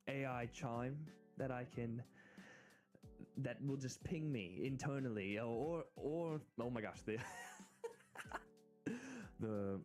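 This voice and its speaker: An American man streaming, chatting casually and excitedly in rambling asides. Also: mid-range voice. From United States. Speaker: VTuber streamer. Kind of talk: casual live-stream chat.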